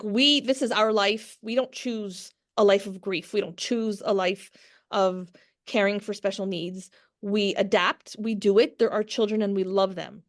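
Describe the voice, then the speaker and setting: A woman in her forties speaks candidly as a podcast guest, at an ordinary middle pitch. She is frank and laughs often, and she trails off into restarts as she talks. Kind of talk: candid conversational interview.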